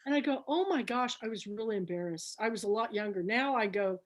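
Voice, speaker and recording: A middle-aged woman tells stories with a high, bright voice. She is chatty and animated, slipping into the voices of the people in her tales. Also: fairly quick. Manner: chatty, animated storyteller who acts out dialogue. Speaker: book club founder speaking to a group. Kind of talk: storytelling talk.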